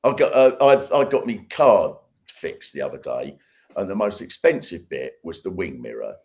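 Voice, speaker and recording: A man, a guest, telling stories in casual chat, animated and laughing, with trailing restarts. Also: low-pitched, normal speed.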